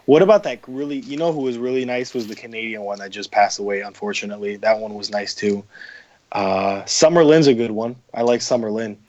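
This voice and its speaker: A man's voice: fairly low pitch, fairly quick, darkish tone, lo-fi sound. A man, a podcast guest, chatting casually in a rambling, profane way with many fillers. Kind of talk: casual chat.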